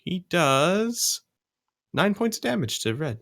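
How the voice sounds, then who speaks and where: A man runs a tabletop game, narrating turns and settling rules. His voice is bright and his pitch moves a lot, and he laughs often between calls. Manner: lively, laughs often, quick rules talk. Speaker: game master. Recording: home podcast recording.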